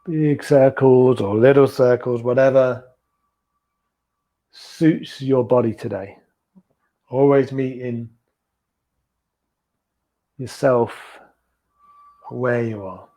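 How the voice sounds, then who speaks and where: A man leading a beginners yoga class with gentle, encouraging step-by-step cues, teaching from a small room at home. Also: medium pitch, steady tone, takes it slowly, long pauses. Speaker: yoga instructor.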